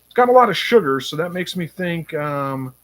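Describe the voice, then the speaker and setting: A man's voice: on the high side, expressive, moderate pace. Chatty man reading chat. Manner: chatty, thinks aloud with many ums. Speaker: livestream host reading chat. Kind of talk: casual live-stream chat.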